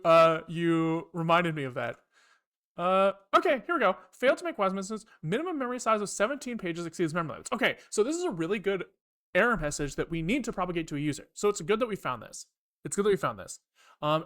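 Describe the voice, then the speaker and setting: A young man streaming himself programming, chatting casually and swearing freely as he rants and explains code. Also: high-pitched. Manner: chatty, profane, animated ranting. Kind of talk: casual live coding stream chat.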